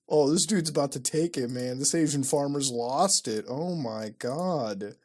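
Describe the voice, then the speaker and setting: A man's voice: mid-range voice, measured pace, few pauses. A man hosting an online video, reacting to websites in casual commentary, swearing constantly and often breaking into laughter. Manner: profane, excitable, mock-outraged, laughing.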